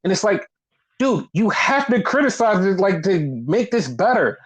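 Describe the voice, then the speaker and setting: A man's voice: sits high, moderate pace, husky. A young man co-hosting a podcast, ranting in a casual, profane way with lots of "like" fillers. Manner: profane, animated, heavy filler "like". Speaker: podcast co-host. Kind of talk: casual critical rant.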